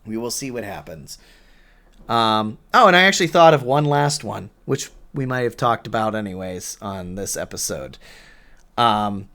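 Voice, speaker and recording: A man's voice: fairly low pitch, animated, normal speed, bright, forceful tone. A man hosting a casual gaming podcast, rambling and joking with lots of fillers. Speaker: podcast host.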